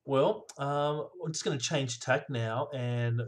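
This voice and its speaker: Male host, middle pitch, upbeat, affirming, casual interview. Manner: enthusiastic, affirming, quick "yes" replies. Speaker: podcast host.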